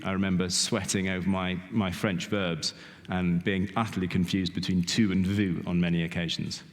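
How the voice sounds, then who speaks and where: A middle-aged man giving a sermon in a church, talking in a conversational way, often asking "okay?" and saying "kind of". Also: sits low. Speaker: lay preacher. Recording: long reverb of a church hall.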